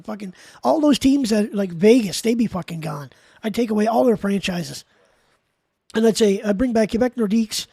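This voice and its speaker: A man's voice: sits high, mellow, no echo. A man streaming live, ranting in a heated, profane, rambling way to his chat. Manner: rambling with frequent restarts. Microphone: desk mic while gaming.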